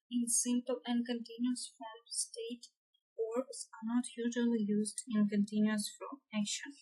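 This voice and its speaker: Slow, hesitant woman teaching grammar. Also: a little high, darkish tone, poor audio. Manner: hesitant, many fillers and restarts. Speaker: English teacher. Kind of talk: grammar lesson.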